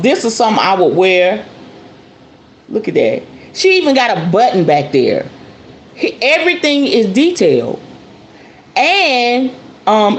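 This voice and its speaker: Slow, chatty woman host. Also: on the high side. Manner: chatty, addresses viewers as y'all. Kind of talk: casual show-and-tell talk to viewers. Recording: roomy with faint background noise.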